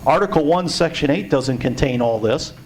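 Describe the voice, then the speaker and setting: A man's voice: a little high, expressive, moderate pace, noisy background. A man giving a sarcastic, indignant presentation to a party meeting. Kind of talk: informal speech to a meeting.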